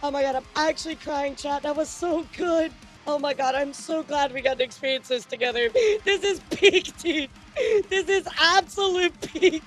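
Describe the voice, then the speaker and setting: A young woman reacting to a video as a vtuber. Her voice is very high, and she gushes excitedly, swearing freely as she talks to her chat. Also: normal speed, soft background music.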